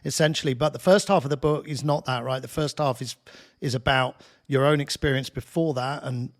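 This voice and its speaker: A man hosting a laid-back podcast at an ordinary mid pitch. He asks questions in a loose, conversational way and laughs easily along with his guest. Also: fairly quick. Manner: relaxed, chatty, laughs easily. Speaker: podcast host. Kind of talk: casual podcast interview.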